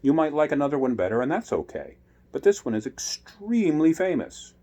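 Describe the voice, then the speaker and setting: A man reading a children's classic aloud as a bedtime story, gentle and unhurried, adding asides to the listener. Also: fairly high pitch, very animated.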